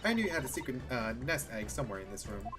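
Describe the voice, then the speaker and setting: A woman's voice: rumbling low, sing-song, very fast, music in the background. A woman voicing a cheeky, clever ten-year-old girl who teases and gloats. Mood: gloating. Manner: teasing, gloating.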